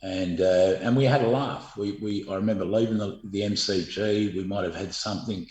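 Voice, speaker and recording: Aussie man, middle-aged, deep voice, halting yarn-spinner, roomy echo. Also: darkish tone. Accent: Australian. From Australia. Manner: rambling, halting, many fillers and restarts. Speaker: guest, former footballer. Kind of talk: casual storytelling interview.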